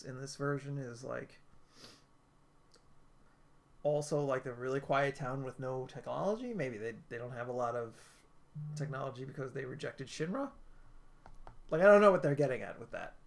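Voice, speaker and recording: A man's voice: medium pitch, expressive, normal speed, gravelly, long pauses. A man giving a casual, rambling game review, full of filler words and restarts. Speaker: gaming video creator.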